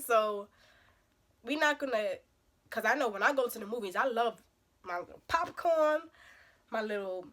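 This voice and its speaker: Hoarse from a cold, a young woman vlogs a casual storytime about a date, punctuating it with animated, emphatic outbursts. Her voice is high and her pace moderate.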